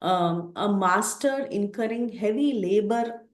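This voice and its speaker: A woman's voice: mid-range voice, takes it slowly. A woman teaching a scripture class, telling the story expressively and acting out its characters, recorded in a roomy space. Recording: roomy echo.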